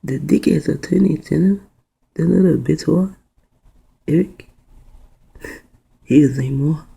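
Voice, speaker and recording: Reading aloud in a video, the host wanders into commentary, spells words one letter at a time, murmurs soft exclamations, and frequently drops to a whisper. A mid-range, creaky, slightly rough voice moves a little slowly, and the audio quality is poor.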